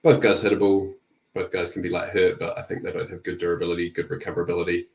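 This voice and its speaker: A very deep, monotone male voice breaks down fights as a podcast guest. He speaks in a relaxed way, dotted with "um" and "like." The sound bounces around an echoey room. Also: fast talker, gravelly. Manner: relaxed, lots of "um" and "like". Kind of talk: casual betting podcast chat.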